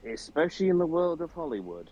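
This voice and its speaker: Male panelist, casual chat, animated pitch, wry humor. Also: fast, highs cut off, a crowd in the background.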